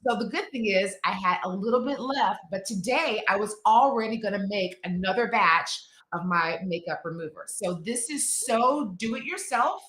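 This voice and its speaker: A woman's voice: mid-range voice, expressive, normal speed, hardly any pauses, a bit bright, roomy sound. A woman talking as a guest expert on a live TV segment, chatty and emphatic, with many fillers. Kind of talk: casual TV segment demo.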